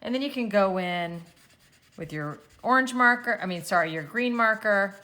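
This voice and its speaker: A woman teaching a children's drawing lesson, gently talking through each step as she draws. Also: mid-range voice, animated, normal speed. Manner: gentle, encouraging, talks while drawing. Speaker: art teacher.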